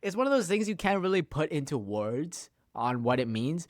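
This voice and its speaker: A young man talks on his own channel in a loose, slangy ramble, swearing freely as he ranks things. His voice sits a touch high for a man. The sound is dry and close, with no room around it. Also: big pitch swings, moderate pace, dry recording. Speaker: YouTuber. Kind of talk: casual ranking commentary.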